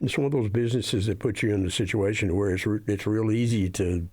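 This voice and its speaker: A middle-aged man speaks as a guest in a casual interview. His voice sits somewhat low and sounds dry and close. He talks haltingly, repeating words as he gets going. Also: a little mellow, dry recording. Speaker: wrestling referee, guest.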